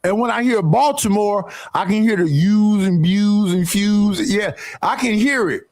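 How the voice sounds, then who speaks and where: A man co-hosting a casual group podcast, talking slowly and stopping often to search for names. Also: high-pitched. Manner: drawling, searching for names with many fillers. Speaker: podcast co-host.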